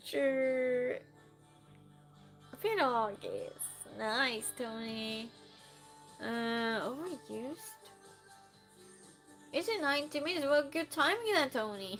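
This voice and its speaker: Woman streamer, slow and teasing, slightly high voice. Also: fairly bright tone, faint music behind. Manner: playful, teasing, reads chat aloud. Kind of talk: casual chat with live viewers.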